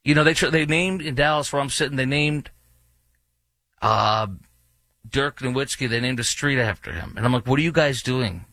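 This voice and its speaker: A man's voice: medium pitch, pushed and bright, no room sound. A man hosting a talk radio show, ranting indignantly with sarcastic asides. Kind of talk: opinionated radio commentary.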